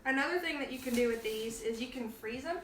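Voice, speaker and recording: A woman's voice: a little high, fast talker, a bit bright, recorded from a distance, a little hiss or hum. A woman hosting a casual cooking demonstration in her home kitchen, chatting playfully and laughing often as she works. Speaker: cooking show host. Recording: roomy kitchen sound, from off the mic.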